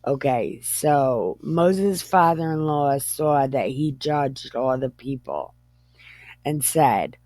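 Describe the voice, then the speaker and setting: A woman's voice: extremely low pitch, slow, darkish tone, no room sound. A woman reading the Bible aloud in an irreverent comedic way, giggling and stumbling over words. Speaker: Bible reader.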